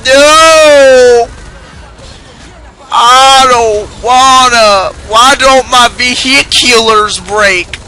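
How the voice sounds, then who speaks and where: A man's voice: very high voice, full character voice, poor audio. A man putting on the voice of a giddy older male comedian who coughs, rambles, curses and scat-sings nonsense while commenting on gameplay. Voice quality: gravelly, with coughing fits. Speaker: gamer doing a voice.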